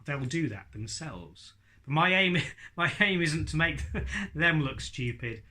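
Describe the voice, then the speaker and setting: A man's voice: a little high, lively intonation, takes it slowly, pushed and bright. A man teaching ventriloquism in a chatty tutorial, speaking directly to his viewers. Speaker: ventriloquism instructor. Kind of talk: friendly tutorial talk.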